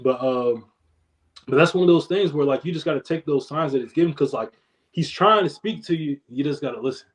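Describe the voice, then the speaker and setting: A young man, a podcast guest, in casual chat, telling stories in a laid-back, slangy way that trails off quietly. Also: a little high, a little fast.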